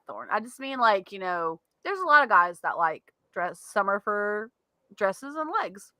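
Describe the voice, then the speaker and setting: Woman, Southern US accent, podcast co-host, casual chat, laughs a lot, bright tone, mid pitch. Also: expressive, normal speed, dry recording. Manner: chatty, laughs often, drawling "y'all". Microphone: studio mic.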